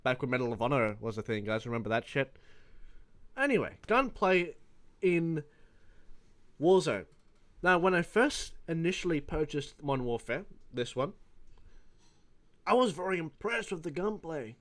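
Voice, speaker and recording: A man's voice: on the high side, lively intonation, moderate pace, long pauses. A man of about twenty with an Australian accent, telling a rambling, profane gaming story in a casual vlog. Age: around 20. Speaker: gaming YouTuber.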